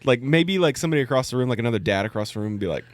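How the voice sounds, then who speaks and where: A man's voice: medium pitch, animated, rapid-fire, dry recording. A man guesting on a casual podcast, talking chattily and padding phrases with "like". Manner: chatty, leans on "like" between phrases. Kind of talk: casual chat.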